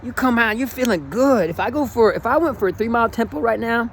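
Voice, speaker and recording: A man's voice: very high voice, expressive, fast talker, creaky, hardly any pauses, a bit bright, slight background noise. A man in his forties, a running coach, talking in an enthusiastic, emotional and rambling way in a casual motivational vlog. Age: 40s.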